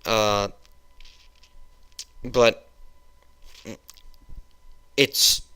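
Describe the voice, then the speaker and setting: Rambling early-20s guy, low voice with a sharp bright edge, heated rant with lots of restarts. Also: fairly even intonation, drawn-out words, smooth. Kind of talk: webcam rant.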